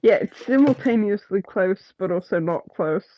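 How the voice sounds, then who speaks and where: A woman's voice: medium pitch, animated, normal speed, no room sound, lo-fi sound. A woman chatting along with a streamer as a friend, teasing and playful.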